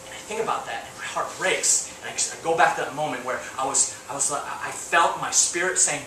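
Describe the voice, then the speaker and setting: A man's voice: on the high side, fairly quick, bright, forceful tone, reverberant, far from the mic, slight background noise, poor audio. A man preaching a sermon, telling an emotional personal story with many restarts and rising intensity. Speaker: pastor. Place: church hall.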